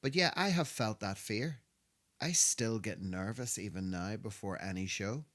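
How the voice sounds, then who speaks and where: A man's voice: on the low side, measured pace. A middle-aged man who performs in drag, chatting casually as a podcast co-host and telling stories with a sarcastic streak. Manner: sarcastic, animated storyteller who quotes people.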